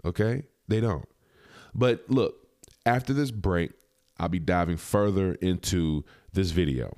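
A man's voice: sits low, unhurried, a little mellow, no echo, clean studio sound. A man hosting a podcast, giving blunt, indignant commentary on a video clip and swearing freely. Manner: blunt, profane, indignant, repetitive. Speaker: podcast host.

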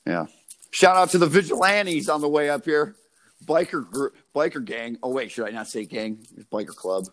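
A man's voice: fairly high pitch, normal speed. Rambling, profane young guy telling stories. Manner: rambling, profane storytelling full of fillers; animated, laughs at his own stories. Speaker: podcast co-host. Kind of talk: casual chat.

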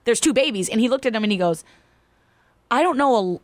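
A woman's voice: a little high, fairly quick, no room sound. A woman casually telling a personal story, acting out the voices of the people in it. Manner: animated, acts out quoted voices.

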